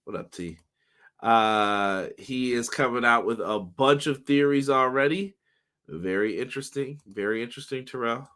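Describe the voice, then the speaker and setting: A man hosting a casual wrestling podcast livestream, upbeat and greeting viewers by name, his voice slightly hoarse. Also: medium pitch, moderate pace, pushed and bright. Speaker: podcast host.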